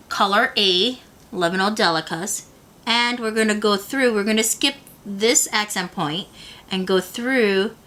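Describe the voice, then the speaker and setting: A woman's voice: medium pitch, sharp tone. A woman teaching a beading tutorial, patiently talking the viewer through each step. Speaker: beading instructor.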